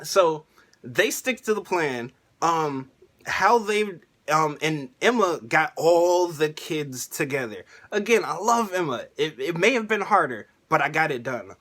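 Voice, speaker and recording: An excitable man in a casual rant, with a fairly high voice. His tone is bright and sharp. He laughs often and drops slang as he goes. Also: a little slow. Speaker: anime reviewer vlogger.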